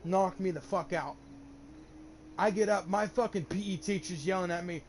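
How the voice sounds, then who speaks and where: A man's voice: high-pitched, normal speed, slight background noise. A young man telling a long personal story in casual chat, rambling and swearing often, with lots of restarts. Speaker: gamer streamer.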